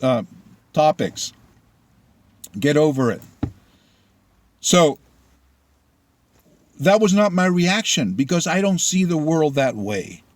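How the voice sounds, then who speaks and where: With no room sound, a middle-aged man whose first language is Spanish speaks in a voice on the high side. His monologue of political commentary mixes in personal stories and is deliberate, blunt, and opinionated.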